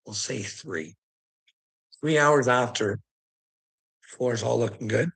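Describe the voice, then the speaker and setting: A man's voice: medium pitch, slow pace, vocal fry, fairly bright tone, slightly rough, poor audio. A man streamer giving a rambling, profane, exasperated rant to his viewers in a casual livestream.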